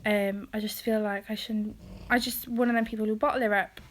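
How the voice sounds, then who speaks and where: A woman speaks hesitantly in a personal confessional vlog, with many pauses and ums, often trailing off quietly. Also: medium pitch, little pitch movement. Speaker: vlogger.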